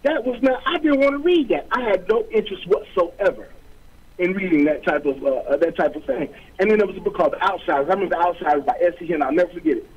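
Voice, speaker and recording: A man's voice: fairly high pitch, quick pace, breathy edge, muffled recording. A middle-aged man, a guest author, telling his story in an interview with streetwise slang, acting out quoted voices.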